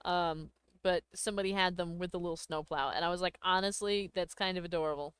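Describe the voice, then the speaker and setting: A woman chats easily with her viewers on a livestream, thanking them as she goes. Her voice is smooth and clear, recorded close and dry with no room sound. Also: lowish voice, steady tone, fairly quick, fairly bright tone, no echo. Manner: chatty, thanks viewers, laughs often. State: hiccups. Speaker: livestream host. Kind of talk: casual chat with viewers.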